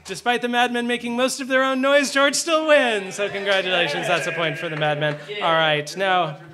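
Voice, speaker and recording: A man hosting a live comedy game show on stage, announcing rounds briskly. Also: high voice, steady tone, a crowd in the background. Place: comedy theatre stage with audience.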